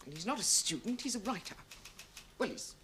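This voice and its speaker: An actress playing a flustered, chatty middle-aged wife in a 1970s British TV comedy. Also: female voice, mid-range voice, expressive, a little fast, fairly bright tone, lightly acted. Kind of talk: 1970s British TV sitcom acting. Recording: old TV sound with faint hiss.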